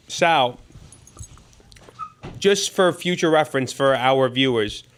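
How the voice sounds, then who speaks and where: A man's voice: mid-range voice, slow, fairly bright tone, smooth. A man hosting a podcast in casual banter, agreeable, laughing easily and steering the talk. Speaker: podcast host.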